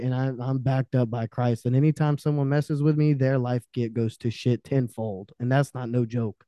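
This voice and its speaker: A young man speaking as a podcast guest, his voice very dark and mellow. He tells raw personal stories, swearing freely and flaring loud before dropping almost to a murmur. The sound is close and dry with no room around it. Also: mid-range voice, normal speed, no room sound. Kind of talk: candid personal storytelling in conversation.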